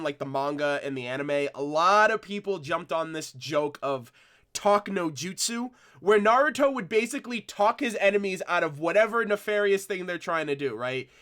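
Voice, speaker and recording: A man's voice: high voice, fairly bright tone. A young man hosting a livestream, rambling in casual commentary with lots of restarts and fillers. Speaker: streamer discussing a cartoon episode.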